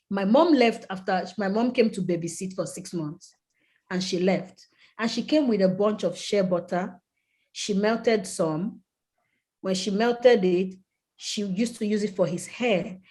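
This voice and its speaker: A woman speaks as a podcast guest at a middle pitch, recounting a hard stretch of her life in earnest, vivid detail. She tells it with feeling and slips into a raised voice to act out the people she quotes. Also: dark tone. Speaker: podcast guest, skincare brand founder. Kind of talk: personal storytelling in a podcast interview.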